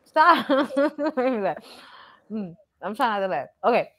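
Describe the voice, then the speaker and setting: A woman's voice: on the high side, very animated, slow, fairly bright tone. A woman on a chat panel, joking and crude. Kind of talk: casual group chat.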